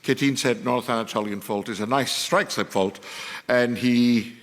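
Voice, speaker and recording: A man's voice: mid-range voice, moderate pace. A man in his sixties from Turkey, speaking with a Turkish accent in a wry, self-deprecating acceptance speech on stage. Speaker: award recipient. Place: large hall on stage. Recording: hall reverb.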